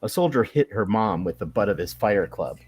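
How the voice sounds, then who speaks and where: A man's voice: on the low side, expressive, moderate pace, darkish tone, breathy edge, no echo. A man, an author, setting up his story with many fillers, then narrating it aloud. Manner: hesitant with fillers when explaining. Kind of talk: casual setup then read-aloud narration.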